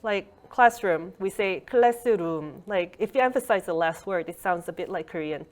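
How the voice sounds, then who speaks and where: A woman's voice: on the low side, moderate pace. A woman teaching a language workshop over a video call, explaining patiently with frequent fillers and restarts. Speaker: Korean language lecturer. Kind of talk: online workshop lecture. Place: online video call lecture.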